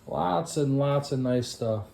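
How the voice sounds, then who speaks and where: Slow-talking playful man touring a house. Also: medium pitch, gravelly. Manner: playful, self-mocking, bursts into excited exclamations. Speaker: estate sale host. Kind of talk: walk-through tour narration. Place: house being set up for an estate sale.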